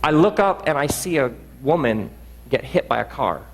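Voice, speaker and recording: A man giving a reflective storytelling talk, earnest and halting, restarting his sentences often. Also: a little high, expressive, big-room sound, a little hiss or hum, low-quality recording. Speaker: speaker.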